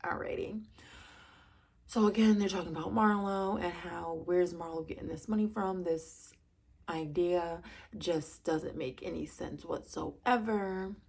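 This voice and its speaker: A woman talks through a reality TV episode in a casual, gossipy review, tossing out sassy asides and rhetorical questions. Her voice carries a gravelly fry and a husky edge. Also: fairly low pitch, measured pace, a little mellow.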